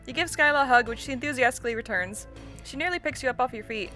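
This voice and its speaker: A woman's voice: high-pitched, fast talker, sharp tone, soft background music. A woman hosting a game playthrough, reading the story aloud with chatty, self-deprecating comments. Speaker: let's-play host.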